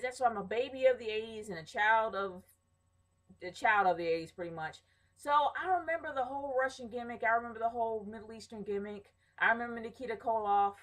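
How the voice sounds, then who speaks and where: A woman in her thirties answers viewer questions to camera in a casual chat, sharing opinions with lots of ums and small restarts. Her voice is mid-range, and the recording quality is low.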